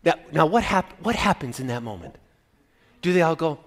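Animated preacher guy from minnesota, pretty high pitched, goes loud then quiet. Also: normal speed. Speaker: pastor. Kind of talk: sermon.

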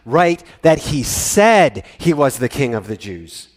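A furious, shouting crowd of male priests, put on by one male reader, pitched high and very loud above his usual voice. The long reverb of a large hall rings after each cry. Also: sing-song, slow pace. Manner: shouting, forceful.

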